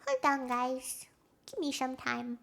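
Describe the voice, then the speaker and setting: A young woman streamer chatting casually with her live audience, giggly and quick to react emotionally. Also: high voice, sing-song, gravelly, fairly bright tone. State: has a headache.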